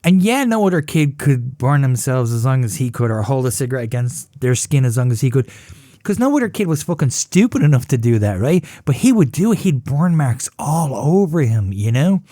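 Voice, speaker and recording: Profane, animated man in his fifties. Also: mid-range voice, fairly quick, dry recording, clean studio sound. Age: 50s. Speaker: podcast host. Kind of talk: casual storytelling.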